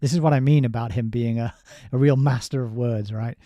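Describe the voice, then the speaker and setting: A man's voice: medium pitch, steady tone, brisk, dry recording, dull audio. A man giving a casual spoken book review. He reads passages aloud, breaks off into sardonic asides and often restarts his sentences.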